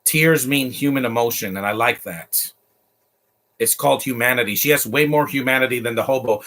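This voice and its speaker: A man's voice: medium pitch, normal speed, bright, forceful tone. A man giving casual, opinionated commentary while watching a movie, with chatty offhand asides. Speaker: movie reactor.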